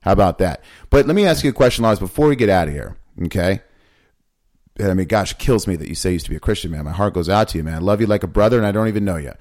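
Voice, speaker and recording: Pushy low-voiced male podcast host. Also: animated, rapid-fire, darkish tone. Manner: insistent, pressing questions repeatedly. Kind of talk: casual podcast talk.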